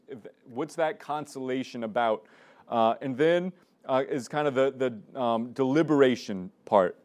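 A man leading a small prayer group. He talks in a loose, searching way, often restarting his sentences. When he turns to praying aloud or reading scripture, he slows right down. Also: mid-range voice, a little mellow, clear, resonant tone.

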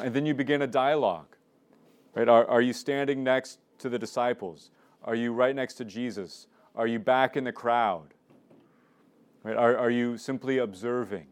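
A man's voice: medium pitch, a little mellow, smooth. Man casually teaching a way of praying. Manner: informal and searching, with frequent restarts, slowing down for prayer and reading. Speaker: prayer group leader. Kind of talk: conversational teaching on prayer, then leading prayer and reading scripture.

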